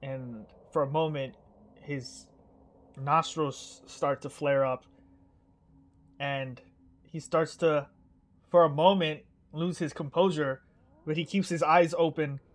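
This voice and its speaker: A man's voice: fairly high pitch, steady tone, takes it slowly, pauses often. A man running a tabletop game as dungeon master, narrating the scene and restarting phrases as he goes. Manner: descriptive, restarts mid-phrase.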